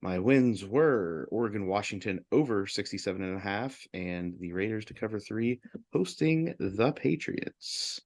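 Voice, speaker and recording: A fairly low-voiced man, a little mellow and expressive, co-hosts a sports betting podcast and reads out the betting results. His delivery is casual and chatty, running through picks in brisk, upbeat spurts.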